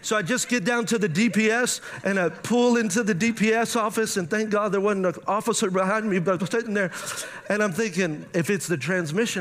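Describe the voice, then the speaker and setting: A man's voice: sits high, fairly bright tone. A middle-aged man, preaching a sermon and telling a story animatedly, acting out his own thoughts as he goes. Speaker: pastor.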